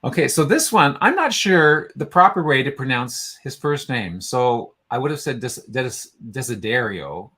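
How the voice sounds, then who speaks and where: A man's voice: medium pitch, big pitch swings, moderate pace, hardly any pauses, sharp tone, slightly rough. A man co-hosting a casual online show, chatting in a rambling way as he reads out entries and trips over names. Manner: chatty, stumbles over names while reading. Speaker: co-host. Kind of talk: casual chat.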